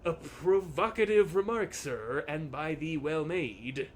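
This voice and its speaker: A man's voice: on the high side, takes it slowly, a little hiss or hum. A man voicing a formal landlady in a video game who speaks in archaic, stilted phrases. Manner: formal, old-fashioned, stilted. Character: stiff woman landlady speaking archaic English.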